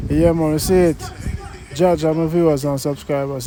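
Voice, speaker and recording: A man's voice: on the high side, fairly even intonation, moderate pace, mellow. A man with a Jamaican accent talking to his viewers in an indignant, preachy way, mixing in patois. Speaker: vlogger and song reviewer. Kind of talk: casual commentary to camera.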